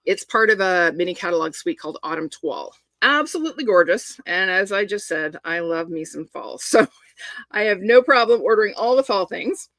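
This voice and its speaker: A woman's voice: mid-range voice, expressive, a little fast, a bit bright, no room sound. A middle-aged woman chatting enthusiastically while showing a crafting project step by step. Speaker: papercraft demonstrator. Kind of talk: live crafting demonstration.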